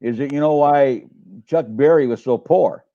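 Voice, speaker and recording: A man's voice: a little high, normal speed, dark tone, lo-fi sound. An older man who works as a coach, chatting on a live stream in a rambling way with many restarts. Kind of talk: casual live-stream chat.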